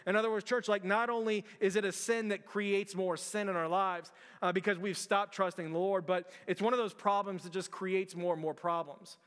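A man's voice: sits high, fairly even intonation, moderate pace, few pauses, fairly bright tone, clean tone. A man preaching a sermon to his church in a conversational way, with fillers and restarts. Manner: conversational, repeats words, frequent fillers and restarts. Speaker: pastor. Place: large church hall. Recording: long hall reverb.

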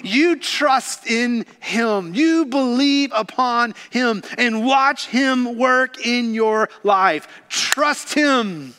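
A man preaching a sermon, swinging from loud exclamations to hushed whispers with slow, deliberate emphasis. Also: very high voice, expressive, clean tone. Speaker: pastor.

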